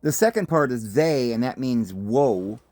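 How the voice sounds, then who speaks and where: A man's voice: mid-range voice, lively intonation, moderate pace, darkish tone, no room sound. A man from the United States hosting a commentary monologue, speaking emphatically with rhetorical questions and asides. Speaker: host.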